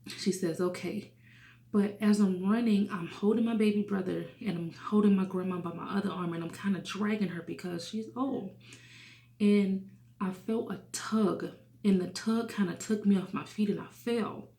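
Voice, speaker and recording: In an echoey room, a woman in her thirties speaks at a moderate pace in a steady, mid-range voice. Giving her testimony earnestly, she sometimes lowers her voice to a whisper during the sad parts.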